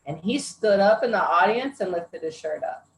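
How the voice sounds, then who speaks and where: A woman on a podcast, telling a relaxed anecdote in casual chat. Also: mid-range voice, moderate pace. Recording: echoey room with faint noise.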